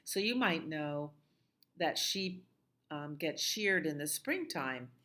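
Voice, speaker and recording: A middle-aged woman librarian reads and sings to young children at storytime. She speaks slowly and leans into each phrase with a lively sing-song voice. Her repeated calls jump high above her fairly low speaking tone. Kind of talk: children's storytime reading and songs.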